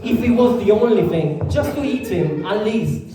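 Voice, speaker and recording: A man with an Italian accent performing a stand-up comedy set in a halting, deadpan way, full of fillers. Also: high-pitched, a crowd in the background. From Italy. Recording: far from the mic in a very echoey room.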